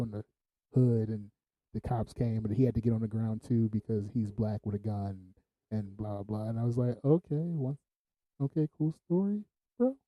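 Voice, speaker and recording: A man's voice: on the low side, dry recording, lo-fi sound. A man hosting a podcast, telling laid-back stories, laughing often and swearing freely. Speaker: podcast host. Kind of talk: casual storytelling.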